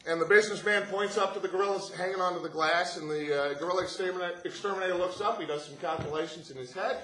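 A man's voice: high-pitched, fast talker, reverberant, low-quality recording. A man telling a long comic story to a live room in a chatty manner, dryly piling up detail on the way to the punchline. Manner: chatty, builds up the joke with deadpan detail.

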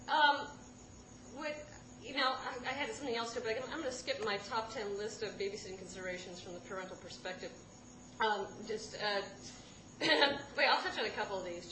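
A woman in her thirties telling a comic personal story to a live audience, rambling and self-deprecating, with sudden loud outbursts. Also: a little high. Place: stage in a room with a live audience. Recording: roomy live room with background noise.

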